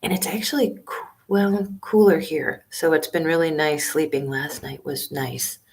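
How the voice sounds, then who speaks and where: A woman in her fifties chatting casually with viewers on a live stream, speaking in a hushed, half-whispered voice with many fillers, from a small library study room on a laptop microphone. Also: low voice, fairly even intonation, measured pace, slight background noise. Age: 50s. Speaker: van-life vlogger hosting a live stream. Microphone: laptop webcam and built-in mic.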